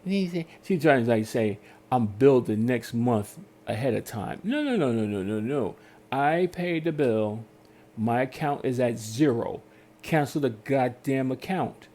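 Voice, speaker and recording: A man's voice: medium pitch, unhurried. A man telling a story in a casual rant, acting out customer service calls in different voices. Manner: animated storytelling, acts out phone calls in voices. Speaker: podcast host.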